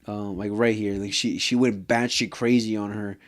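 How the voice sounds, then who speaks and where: Steady in tone and moderate in pace, this man's lowish voice carries a casual, profane anime rant. The vlogger gets heated, says "bro" nonstop, and rambles with fillers and restarts.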